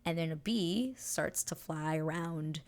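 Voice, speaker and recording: A woman's voice: low voice, a little slow. A young woman hosting a show, casually recapping a scene in a gushing, breathless way. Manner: gushing, breathless retelling with acted quotes. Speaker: show reaction host.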